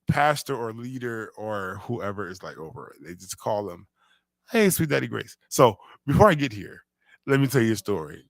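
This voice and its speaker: A man's voice: medium pitch, sharp tone, no room sound. A man from Western New York hosting a casual radio talk show, telling stories animatedly and laughing often. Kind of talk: casual chat.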